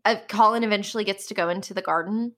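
A woman's voice: medium pitch, fast talker, fairly bright tone. A woman co-hosting a podcast, chatting casually about a book and retelling scenes with quoted asides. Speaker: podcast co-host.

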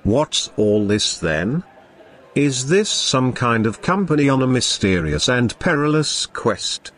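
A man's voice: medium pitch, very animated, takes it slowly, a bit bright, heavily acted. A man voicing a shrewd, chatty old local man with a folksy, knowing manner. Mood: curious.

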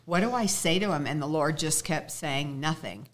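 A woman guest recounting an emotional moment in a casual conversation. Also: deep voice. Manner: emotional, fast when recalling prayer.

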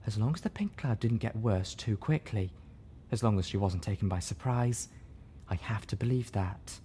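A gentle mare from an audiobook, sorrowful and quiet, as a man reads her. Her voice sits only slightly above his own, hushed and morose. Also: lowish voice, big pitch swings, moderate pace, slight background noise. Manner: soft, morose.

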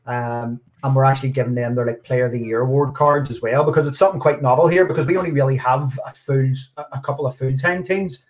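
A man's voice: medium pitch, fairly even intonation, fast, hardly any pauses. A Northern Irish man chatting as a podcast guest, hesitant, with many fillers and restarts. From Northern Ireland. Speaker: guest, card designer. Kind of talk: casual chat.

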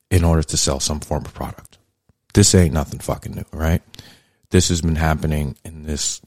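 Man, very low voice, blunt and profane, casual monologue, dry close sound. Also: no room sound. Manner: blunt, profane, conversational, heats up and gets louder. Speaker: podcast host.

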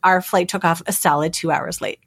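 A woman's voice: fairly low pitch, moderate pace, vocal fry, slightly rough. Chatty woman telling a travel story. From United States. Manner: animated storytelling, acts out family members' voices. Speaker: podcast regular guest. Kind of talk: casual chat.

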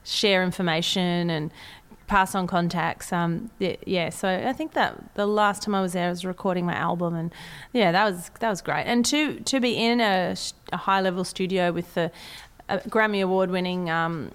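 An Australian woman talks in a relaxed, chatty way as an interview guest. Her voice sits a little low, and she laughs easily. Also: normal speed, clean tone. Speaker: country music singer, interview guest. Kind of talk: casual interview chat.

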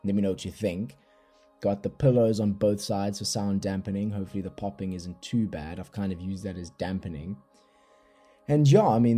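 Young South African podcast host, easygoing and rambly, dark low tone, faint music underneath. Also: male voice. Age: young adult. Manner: laid-back, rambling, slangy. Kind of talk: casual solo podcast chat. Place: bedroom at night. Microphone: laptop microphone.

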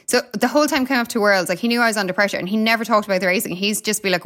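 A woman's voice: mid-range voice, quick pace, bright, forceful tone. A woman in her thirties with an Irish accent, a retired runner chatting as a guest, telling stories and laughing often. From Ireland. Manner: chatty, storytelling, laughs often, many fillers. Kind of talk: casual interview chat.

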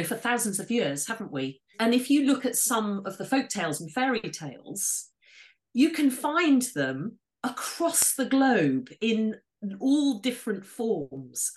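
A woman, a storyteller and author, talking thoughtfully and with enthusiasm in an interview. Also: mid-range voice. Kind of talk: interview conversation.

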